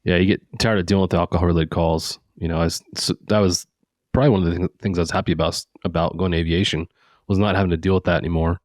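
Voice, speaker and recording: A man's voice: low-pitched, steady tone, rapid-fire, a little mellow, no echo, studio quality. A man co-hosting a podcast, speaking conversationally and passing the question to his co-host. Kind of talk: casual podcast chat.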